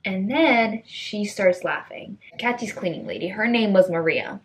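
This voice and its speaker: A young woman vlogging, telling funny stories in a chatty, animated way and acting out the people in them. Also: mid-range voice, measured pace. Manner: chatty, animated, acts out voices in quotes. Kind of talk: casual storytelling.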